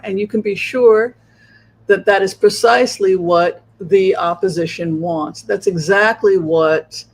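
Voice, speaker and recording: A man giving a solo political commentary as a psychic tarot reader, talking rhetorically, keeps asking "right?" and acting out other sides' views. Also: sits high. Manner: acts out opposing viewpoints.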